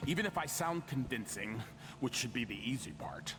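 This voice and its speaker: A man voicing a scheming ducal body double, smooth, wry and confident. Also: medium pitch, big pitch swings, moderate pace, background noise, natural voice. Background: game music.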